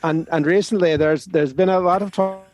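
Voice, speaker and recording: A man co-hosting a casual podcast over an online call, easygoing and quick to laugh. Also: a little high, steady tone, music in the background. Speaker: podcast co-host. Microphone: online call over a weak connection.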